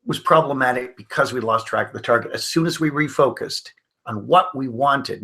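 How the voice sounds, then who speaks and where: A man's voice: mid-range voice, normal speed, creaky, bright, forceful tone. A middle-aged man teaching hypnosis in a webinar, telling stories and acting out the voices of the people he quotes. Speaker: hypnosis trainer.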